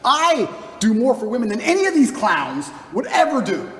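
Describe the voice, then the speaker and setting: A man answering interview questions in a forceful, combative way, hammering his points through repetition. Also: very high voice, huge pitch swings, normal speed, echoey room, big-room sound, distant mic. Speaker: guest.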